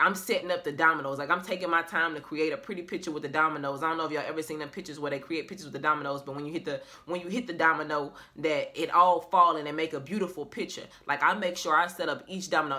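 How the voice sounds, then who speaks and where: A woman vlogging casually as a tarot reader, rambling and profane in an animated way. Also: sits low. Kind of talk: casual motivational vlog talk.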